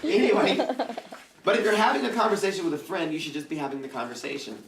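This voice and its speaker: A lively man gives a casual youth sermon. He jokes and acts out prayers in funny voices, and his voice sits a little high. He sounds far from the mic, in an echoey church hall with faint room noise behind him. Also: fast. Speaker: youth pastor.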